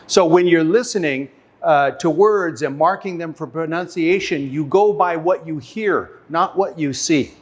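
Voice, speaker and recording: A man teaching an English lesson, speaking slowly and deliberately, repeating and sounding out example words. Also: on the high side. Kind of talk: classroom lesson.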